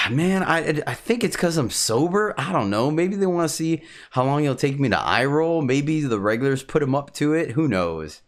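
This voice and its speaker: A man's voice: on the high side, very animated, moderate pace, hardly any pauses. Wry chatty man from Miami. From Miami, Florida. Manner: wry storyteller, chuckles often. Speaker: podcast co-host and club dancer. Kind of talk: casual chat.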